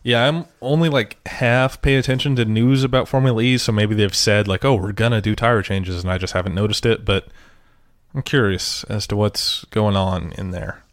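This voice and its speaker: A man's voice: lowish voice, fairly even intonation, moderate pace, dry recording, clean studio sound. A man co-hosting a podcast in casual chat, loose and talkative, swearing freely. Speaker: podcast co-host.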